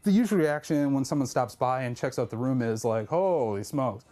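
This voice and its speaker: A man in a documentary interview, talking loudly and animatedly. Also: medium pitch, moderate pace. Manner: loud, animated, exclaiming. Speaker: VHS collector interviewee.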